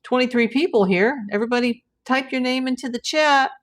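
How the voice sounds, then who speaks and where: A woman's voice: sits high, brisk. Woman livestream host, chatty, reads chat aloud and greets viewers by name.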